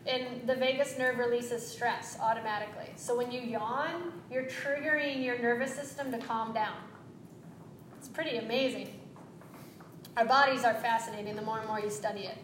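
A woman teaching yoga breathing, giving gentle, encouraging cues with quick asides. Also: fairly high pitch, echoey room, a little hiss or hum, low-quality recording. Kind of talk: guided breathing instruction.

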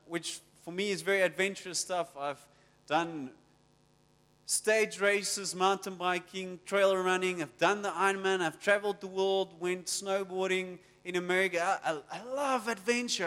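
Pastor, high-pitched, lively sermon, long hall reverb. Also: male voice.

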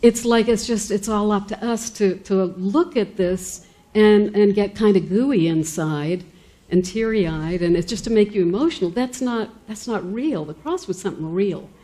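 A woman teaches an evening class in a conversational, loosely structured way, full of "um"s and restarts. Her voice is mellow and relaxed at a middle pitch. The room sound is unsteady, and at times she seems to drift away from the microphone. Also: moderate pace. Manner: conversational, many fillers and restarts, acts out quoted speakers. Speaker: lecturer. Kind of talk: informal lecture.

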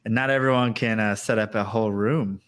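A man's voice: fairly low pitch, fairly even intonation, brisk, fairly bright tone, a little hiss or hum. A man in casual chat, adding short remarks to a friend's story. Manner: brief interjections.

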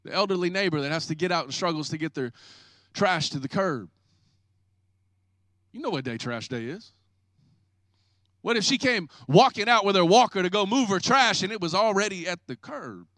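A man pastor preaching an energetic, joking sermon, acting out people's excuses. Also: high voice, moderate pace, pauses often, dry recording, studio quality.

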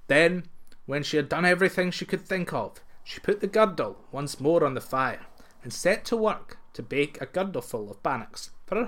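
A man narrating a folktale in an expressive, lilting way. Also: fairly high pitch. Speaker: storyteller.

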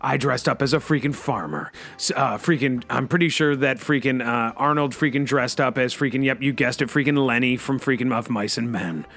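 A man hosting a comedy radio show, delivering a rambling in-character monologue full of a repeated catchphrase, swinging between loud outbursts and low asides. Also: moderate pace, few pauses. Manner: peppers every sentence with a repeated catchphrase.

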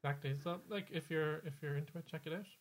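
A man's voice: on the high side, fast. A man co-hosting a podcast in casual chat, rambling along with plenty of fillers and restarts. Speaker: podcast co-host.

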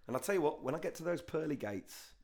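A man's voice: on the high side, animated, fast talker, darkish tone. A man joking around as a podcast co-host, playful and laughing often. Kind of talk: casual comedy chat.

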